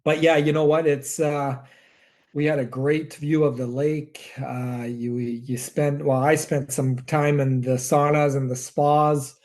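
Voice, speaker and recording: Rambling male co-host, slightly high voice. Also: unhurried. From Canada. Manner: rambling, many fillers and restarts, relaxed. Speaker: mortgage broker co-host. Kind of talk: casual podcast chat.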